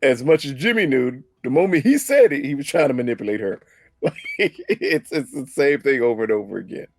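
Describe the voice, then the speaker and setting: A man's voice: quick pace, no room sound. A man co-hosting a TV recap in casual chat, cracking jokes. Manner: joking, lively, laughs into high pitch. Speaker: podcast co-host.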